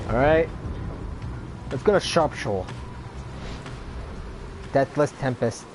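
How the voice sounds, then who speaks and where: A man's voice: mid-range voice, expressive, takes it slowly, pauses often, background noise. A man playing a story game, reading the text aloud and chatting between lines. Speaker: let's player. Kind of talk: casual game narration. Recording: game music behind.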